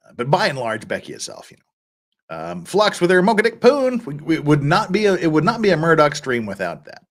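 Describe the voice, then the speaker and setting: A man's voice: fairly high pitch, big pitch swings, a little fast. A middle-aged man hosting a live stream, chatting casually, reading out viewer comments and laughing often. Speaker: livestream host.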